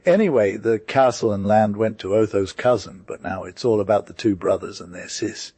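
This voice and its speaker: Husky low-voiced male storyteller. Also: moderate pace, hardly any pauses, a little mellow, no room sound. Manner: casual, slang-heavy storytelling. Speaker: narrator. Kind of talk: slangy retelling of a classic story.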